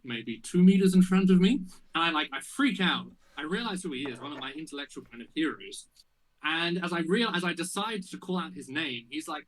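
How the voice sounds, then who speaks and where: A young man co-hosting a podcast, telling an anecdote in casual chat, animated and full of fillers. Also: on the high side, low-quality recording. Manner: animated storytelling with many fillers. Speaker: podcast co-host.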